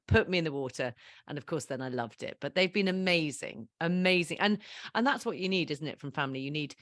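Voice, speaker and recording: Lively woman in her fifties. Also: deep voice, no echo, studio quality. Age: 50s. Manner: animated, laughs often at her own mishaps. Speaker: podcast guest. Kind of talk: casual storytelling interview.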